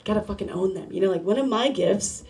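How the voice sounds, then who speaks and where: A woman's voice: medium pitch, fast talker, darkish tone. A young woman doing a stand-up comedy set at a bar open mic, rambling and profane as she chats with the crowd. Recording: live crowd noise. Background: audience laughter.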